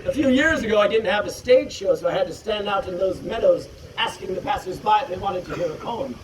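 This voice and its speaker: A man's voice: high-pitched, a little fast. A man performing a live comic poetry show outdoors, teasing the crowd in a wry, crude way. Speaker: poet performing a stage show. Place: outdoor stage in a meadow with benches. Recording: distant echoing outdoor live recording, noisy.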